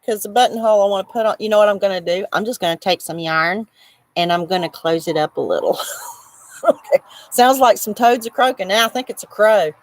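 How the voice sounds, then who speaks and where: A woman's voice: mid-range voice, a little fast. A woman hosting a casual crochet livestream outdoors, chatting and reading viewers' comments aloud as she laughs often. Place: outdoors in the shade.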